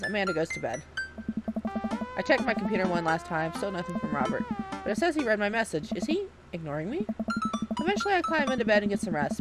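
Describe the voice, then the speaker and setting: A woman reading a dating game aloud with animated, excitable reactions. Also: medium pitch. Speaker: let's player.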